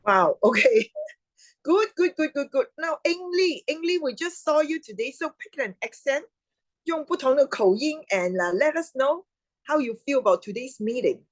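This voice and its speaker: Woman, host, chatty, laughs often, fairly high voice, dry sound. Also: animated, normal speed, dry recording, poor audio. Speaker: meeting host. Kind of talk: online club meeting hosting. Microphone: video call.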